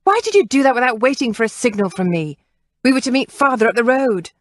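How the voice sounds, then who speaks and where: Shrill haughty dressmaker villainess, voiced by a woman, scolding and disdainful, audiobook role. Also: animated, fairly quick, no echo, studio quality.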